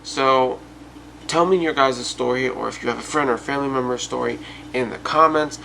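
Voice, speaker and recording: A man's voice: mid-range voice, moderate pace, gravelly, sharp tone, a little hiss or hum, rough recording. A man telling a personal story and talking casually and directly to his viewers. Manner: chatty, addresses viewers directly. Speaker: YouTube storyteller.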